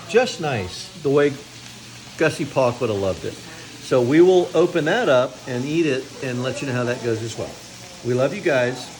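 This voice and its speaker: An older man narrating a casual home video from his kitchen, chatty and proudly playful as he shows off his cooking. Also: on the high side. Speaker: family cook filming a holiday video. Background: frying sizzle.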